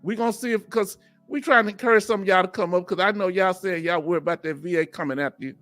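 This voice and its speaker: A veteran livestream host from Houston, Texas, speaks fast in a high, bright voice with a Southern Texas accent over soft background music. He jokes, laughs often, and chats with viewers casually.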